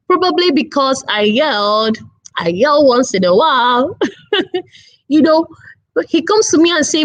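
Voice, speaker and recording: A woman in her thirties giving an online parenting talk, earnest and repetitive, stressing points with slow emphatic phrases. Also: sits high, animated, fairly bright tone, muffled recording. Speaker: webinar speaker on parenting.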